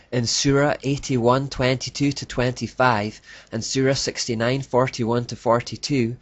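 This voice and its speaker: A man reading scripted documentary narration in a measured, declarative way. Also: medium pitch, no room sound. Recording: dull lo-fi dry voice-over.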